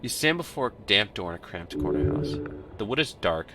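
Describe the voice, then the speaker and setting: A man's voice: on the low side, big pitch swings, fairly quick, background noise. A man streaming a game, chatting casually with wry, self-deprecating asides and reading the game text aloud. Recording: game music playing behind.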